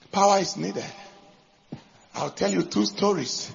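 A man preaching a sermon as pastor, animated, breaking into shouts and laughter. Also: high-pitched, unhurried, gravelly, highs cut off.

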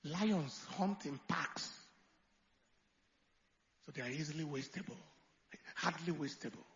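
A man preaching a sermon as pastor, swinging from quiet talk to loud calls for the congregation to answer. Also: a little high, unhurried, breathy edge, muffled recording.

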